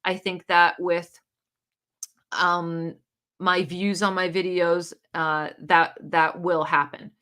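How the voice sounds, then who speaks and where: Bright, lively American woman hosting a livestream. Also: slow. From United States. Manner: chatty and animated, pitch leaping up and down. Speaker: livestream host. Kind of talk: casual livestream chat, reading comments aloud.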